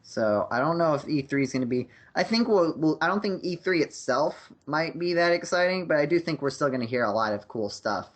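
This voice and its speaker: A man's voice: fairly high pitch, animated, brisk, hardly any pauses. A man hosting a casual podcast chat over a video call, rambling with lots of fillers and restarts. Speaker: podcast host.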